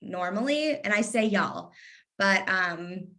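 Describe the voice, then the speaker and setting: Guesting on a relaxed interview, this lifestyle influencer in her thirties comes from Kentucky and has a light Southern accent. She speaks unhurriedly in a medium-pitched, fairly bright voice, trading sarcastic, witty remarks and laughing readily.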